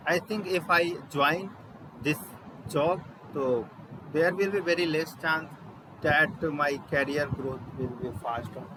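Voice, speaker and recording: Halting young Indian man, traffic noise. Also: fairly high pitch. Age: young adult. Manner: halting, searching for words, mixing in Hindi. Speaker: student practicing spoken English. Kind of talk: self-recorded practice monologue. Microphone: laptop microphone.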